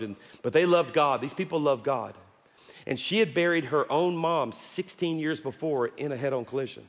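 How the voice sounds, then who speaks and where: A man preaching a sermon as pastor, building to loud calls at the congregation. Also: on the high side. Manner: preaching with rising shouts to the congregation. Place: large church sanctuary. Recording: long hall reverb with music underneath.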